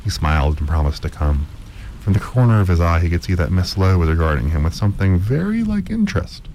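Male story narrator, very low and mellow, steady read-aloud delivery. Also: a little hiss or hum, poor audio. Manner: measured, with occasional stumbles and repeats.

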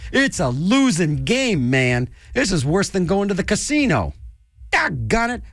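A man's voice: high-pitched, dry recording. Manic rambling radio DJ man. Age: middle-aged. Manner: manic, rambling, jokey, lots of fillers. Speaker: college radio DJ. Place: radio studio.

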